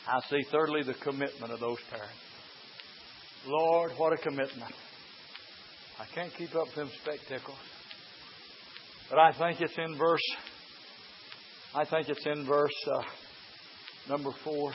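A preacher man in full revival flow, folksy and loud, breaking into hollers and catching his breath between lines. His voice sits a touch high for a man. The recording is dull and lo-fi with a faint hiss. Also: normal speed, pauses often. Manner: shouts and hollers in bursts, folksy, runs laps while preaching. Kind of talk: fiery Southern revival sermon.

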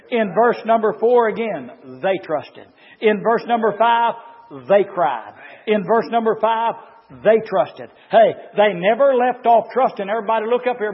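A man preaching a fiery sermon, swinging from low murmurs to shouted climaxes and reading passages aloud to comment on them. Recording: reverberant hall, muffled lo-fi sound.

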